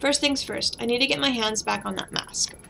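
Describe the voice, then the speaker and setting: A woman's voice: a little high, a little fast, gravelly, noisy background. A woman reading the lines of a weary, bitter woman detective in a game, in a sardonic tone over background music.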